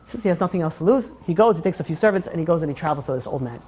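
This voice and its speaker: Woman lecturer telling a story, talks real fast, acts out the voices. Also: sits low, husky. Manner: animated, acts out quoted dialogue. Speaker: teacher of Torah.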